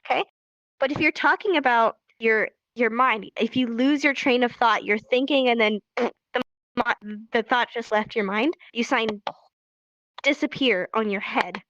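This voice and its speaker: Bright chatty young woman teaching. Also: a little high, no room sound, muffled recording. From California. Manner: chatty, laughs often, acts out examples. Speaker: sign language teacher. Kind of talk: casual livestream lesson.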